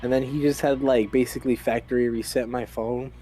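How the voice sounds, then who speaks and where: A young man telling an animated story with laughs in casual chat as a podcast co-host. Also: mid-range voice, brisk. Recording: clear music behind the talk.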